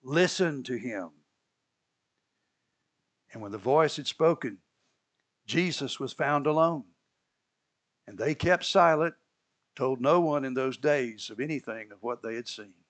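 A man's voice: medium pitch, a little slow, long pauses, fairly bright tone. A man preaching a sermon, telling the story with energy, acting out the characters' lines and laughing at his own asides. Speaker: pastor.

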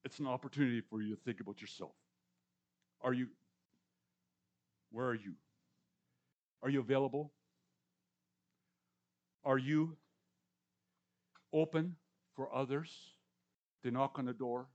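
A man in his sixties preaching a conversational sermon, repeating words for emphasis and swinging between loud and hushed lines. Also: medium pitch, fairly even intonation, measured pace, long pauses, muffled recording. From Canadian or US prairies. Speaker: pastor.

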